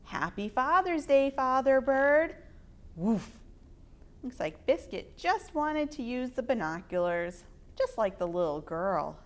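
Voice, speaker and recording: A woman hosting storytime, reading picture books aloud to children in an expressive, sing-song way. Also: high-pitched, measured pace. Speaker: storytime reader.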